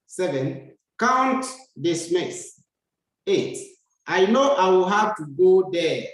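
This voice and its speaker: Slow, deliberate male teacher, echoey room. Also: sits high, big pitch swings. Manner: slow, deliberate, repeats sentences for learners. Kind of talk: slow grammar lesson.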